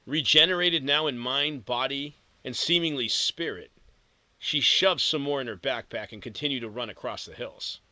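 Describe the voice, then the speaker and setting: A man narrating an audiobook in a steady storytelling read with vivid emphasis. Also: mid-range voice, moderate pace, no room sound, low-quality recording.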